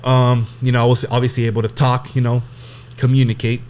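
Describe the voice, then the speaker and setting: A man's voice: medium pitch, completely flat delivery, brisk, darkish tone. A young man tells a long personal story in loose, casual talk. He rambles, restarts his sentences and swears freely. A faint noise sits behind his voice. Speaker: podcast guest telling a story.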